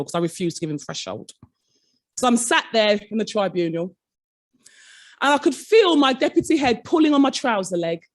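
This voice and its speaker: A middle-aged woman, a former head teacher giving a conference keynote, telling a story and acting out the voices of her staff. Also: a little high. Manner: dramatic, acts out quoted staff in shifting voices. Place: conference hall.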